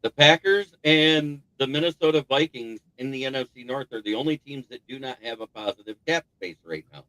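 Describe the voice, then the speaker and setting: A man hosts a casual sports talk stream, rambling and thinking aloud with restarts, and laughing at a rival team's troubles. His medium-pitched voice is pushed and bright, fairly quick with few pauses, in a dry, rough recording.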